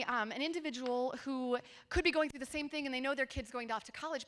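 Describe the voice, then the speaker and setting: A woman in her forties leads a workshop in a conference room, her voice bright and forceful and set a little high for a woman. She tells her stories in a lively, conversational way and turns often to speak straight to her audience. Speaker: workshop presenter.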